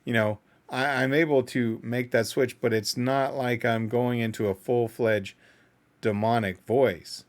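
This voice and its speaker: A man's voice: mid-range voice, steady tone, measured pace. Man musing through a music reaction. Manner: thinking aloud, analytical and self-doubting. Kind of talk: casual reaction commentary.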